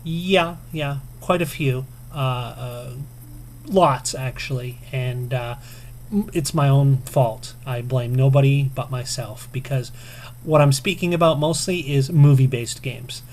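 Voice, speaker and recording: A man's voice: medium pitch, slow, darkish tone, slight background noise. A man vlogging casually to camera, chatty and self-deprecating, with frequent ums and little chuckles. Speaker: video game vlogger. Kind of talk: casual to-camera tag response.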